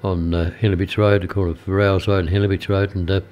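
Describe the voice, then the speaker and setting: Older aussie guy on local radio, rambly, lots of ums and uhs, lowish voice. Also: level tone, darkish tone. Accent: Australian. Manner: rambling, halting with many fillers. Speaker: radio presenter. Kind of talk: casual radio chat between songs. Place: radio studio.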